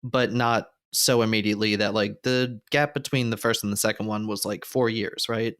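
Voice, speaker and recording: A man's voice: fairly low pitch, steady tone, moderate pace, fairly bright tone, clean tone. A man chatting casually as a podcast guest, rambling with lots of filler words and jokes. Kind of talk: casual chat.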